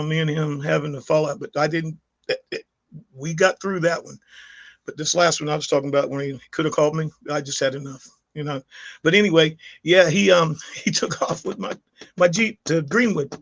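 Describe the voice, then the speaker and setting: A man's voice: a little high, vocal fry. A middle-aged man telling a long personal story on his vlog in a rambling, heated way, full of restarts and fillers. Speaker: YouTube vlogger.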